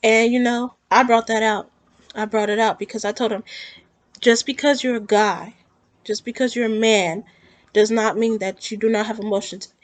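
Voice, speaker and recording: A woman's voice: fairly high pitch, steady tone, normal speed, no echo. Earnest woman talking about grief. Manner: earnest, rambling, emotional. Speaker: vlogger. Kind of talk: personal talk to camera about grief.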